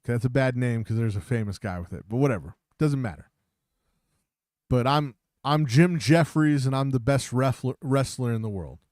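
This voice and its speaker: A man's voice: medium pitch, moderate pace, darkish tone, no echo, studio quality. Profane, mocking man on a podcast. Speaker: podcast co-host. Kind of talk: casual chat.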